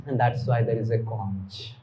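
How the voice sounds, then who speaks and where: A man giving a devotional sermon, explaining scripture slowly and mixing in Sanskrit terms. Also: fairly low pitch, steady tone, mellow, poor audio. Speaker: spiritual teacher.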